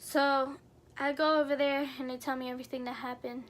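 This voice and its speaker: Young adult woman, storytime vlogger; high, level delivery, earnest and somber. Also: little pitch movement, fairly quick, fairly bright tone. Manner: earnest, somber retelling with many fillers. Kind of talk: storytime narration.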